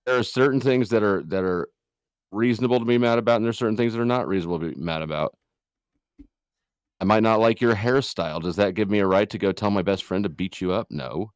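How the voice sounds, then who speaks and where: A middle-aged man on a livestream, arguing his opinions in a casual debate. His voice sits a bit low and he pushes his points insistently. The recording is dry and close. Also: quick pace, smooth, no room sound. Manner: argumentative, opinionated. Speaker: stream guest.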